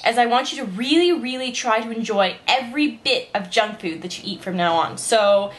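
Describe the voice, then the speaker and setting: Young woman vlogging at home, just woke up so morning voice, kinda high, rambly and chatty. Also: animated, normal speed. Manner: chatty, rambling, says "like" and "you know" often. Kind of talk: casual vlog monologue. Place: at home, indoors.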